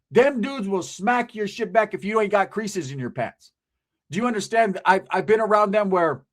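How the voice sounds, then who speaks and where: A man with a fairly high voice talks straight to his audience. He is blunt and emphatic, swears often and uses a lot of street slang. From Southern California. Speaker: channel host. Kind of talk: casual monologue to camera.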